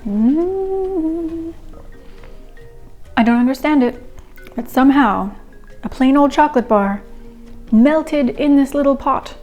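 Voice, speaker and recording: Young woman, home cooking vlogger, higher voice, chatty, giggly asides. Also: moderate pace, darkish tone, muffled recording, soft background music. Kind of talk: casual cooking vlog.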